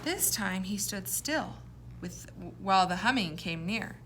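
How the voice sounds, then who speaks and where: A woman teacher reading a poem aloud to young children and explaining words in a clear, encouraging way. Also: medium pitch, expressive, measured pace, noisy background.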